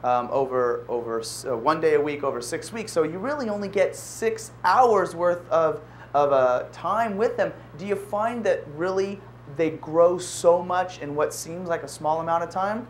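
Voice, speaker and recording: Woman talk-show host, lowish voice, faint background noise, friendly questions. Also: animated, moderate pace. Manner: friendly questions with frequent fillers and restarts. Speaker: show host interviewing a volunteer. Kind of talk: casual interview.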